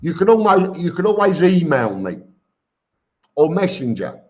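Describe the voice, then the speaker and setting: A man's voice: a little high, big pitch swings, moderate pace. A man hosting a casual live stream, reading viewer comments aloud and answering them with chuckles. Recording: dull lo-fi stream audio.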